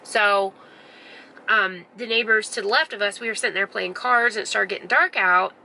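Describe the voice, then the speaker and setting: A young woman vlogger chatting through a long story in a bright, sharp voice with a gravelly edge. She rambles and swears casually, leaning on "like" in nearly every line. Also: mid-range voice, steady tone, normal speed, a little hiss or hum, low-quality recording. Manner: chatty, profane, full of "like" fillers. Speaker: beauty vlogger.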